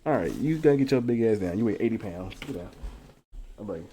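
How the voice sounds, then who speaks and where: A young man with a fairly low voice talks in a loose, slangy way. His casual reaction chat swings between quiet asides and loud outbursts, with laughter mixed in. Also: lively intonation, quick pace, a little hiss or hum. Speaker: co-host reacting to news.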